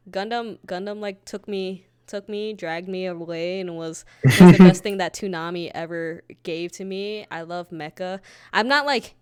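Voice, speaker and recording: Smooth-voiced young woman, animated and lively. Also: medium pitch, no room sound, studio quality. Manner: animated, laughs often, swears freely. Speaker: podcast co-host. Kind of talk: casual anime chat.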